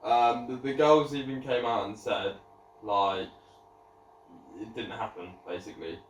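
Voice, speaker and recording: A man's voice: mid-range voice, fairly even intonation, measured pace, distant mic. A young man on a podcast, mostly adding short agreeing remarks in casual chat. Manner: brief, agreeing interjections. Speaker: podcast co-host. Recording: echoey room, faint noise.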